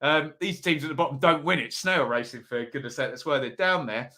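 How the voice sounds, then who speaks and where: A man's voice: a little high, pushed and bright. A man hosting a live football predictions stream, chatting casually and reading out viewer comments. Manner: chatty, reads out viewer comments, quick asides. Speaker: football predictions show host.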